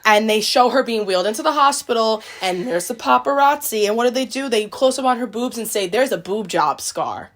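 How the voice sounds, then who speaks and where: A woman's voice: on the high side, fairly quick, hardly any pauses. Woman rambling through a retelling. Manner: rambling retelling, with many likes and quoted voices. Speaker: podcast host. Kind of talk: casual chat.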